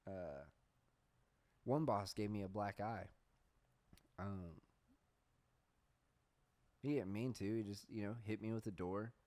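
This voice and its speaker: A man hosting a podcast, talking in a casual, profane, deadpan sarcastic monologue. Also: fairly low pitch. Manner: deadpan sarcastic, profane, says "bro" a lot. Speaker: podcast host.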